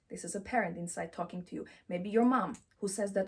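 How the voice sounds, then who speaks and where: A woman's voice: on the high side, fairly quick, few pauses, dark tone, breathy edge. A woman giving a motivational self-help talk, emphatic and affirming, who repeats encouraging phrases and speaks English with slightly non-native grammar.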